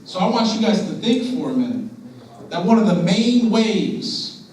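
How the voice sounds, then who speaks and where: A man's voice: high voice, very animated, moderate pace, a little mellow, slight background noise. A young man speaks earnestly to students at a school assembly as a motivational speaker, asking them questions and urging them to listen. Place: large echoey school room. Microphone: distant from the recording device. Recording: very echoey hall audio from a distance.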